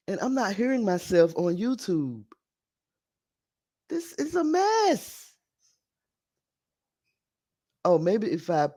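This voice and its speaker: A man with a fairly high voice hosts a casual live stream, chatting to viewers. He rambles a bit and sounds scattered as he works on his setup. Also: mellow. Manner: scattered and chatty, talking to viewers while fixing audio. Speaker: live stream podcast host.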